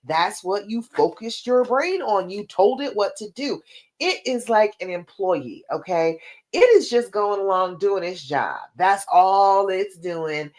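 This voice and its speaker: A woman relationship coach hosting a live-stream advice chat, talking to viewers in an emphatic, animated way. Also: mid-range voice, a little slow.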